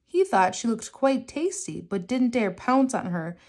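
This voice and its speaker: A woman reading a children's picture book aloud in a gentle, measured storytelling manner. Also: fairly high pitch, sing-song.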